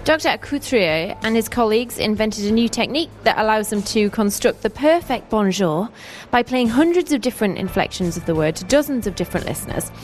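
A woman's voice: on the high side, lively intonation, fairly quick, hardly any pauses, slight background noise. A woman co-hosting a radio show, talking in a chatty, playful way. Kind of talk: casual radio banter.

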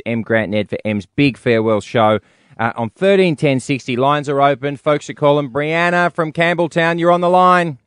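A man's voice: a little high, normal speed, fairly bright tone, smooth, dry recording. A man hosting a breakfast radio show in a studio, telling stories animatedly and laughing often. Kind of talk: casual on-air banter.

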